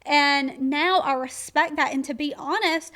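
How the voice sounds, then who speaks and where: A woman's voice: high-pitched, unhurried. A young woman with a mild Georgia Southern accent, telling stories animatedly to listeners in a casual chat. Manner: animated storytelling, addresses listeners directly. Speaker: podcast co-host, pageant titleholder.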